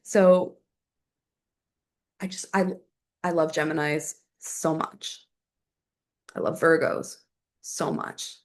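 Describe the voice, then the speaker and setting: A woman's voice: low voice, steady tone, takes it slowly, pauses often. A young adult woman hosting a solo astrology podcast, chatting casually and thinking aloud with lots of fillers.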